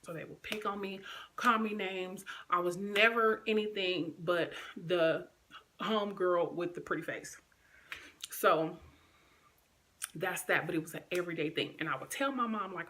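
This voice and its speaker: A woman's voice: on the low side, moderate pace, sharp tone. A woman in her thirties, a vlogger telling a storytime to camera in a chatty, rambling way that speaks straight to her viewers. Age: 30s. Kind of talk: casual storytime chat to camera.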